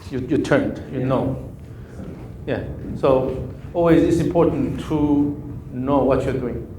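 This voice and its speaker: Slow-talking golf coach in echoey room. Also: male voice, medium pitch, background noise. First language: Korean. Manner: repetitive counting cues, clipped instructions. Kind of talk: live coaching session. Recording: echoey room with faint ambience.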